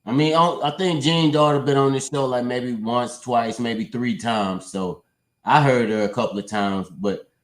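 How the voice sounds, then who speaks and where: A man of middle pitch hosting a casual livestream panel. He sounds animated and skeptical and swears freely. The sound is roomy and echoey. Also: moderate pace.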